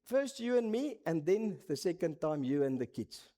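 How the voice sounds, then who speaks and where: A middle-aged pastor with a Namibian accent preaches a sermon at a moderate pace, very animated throughout. His stories swing between dramatic highs and hushed lows.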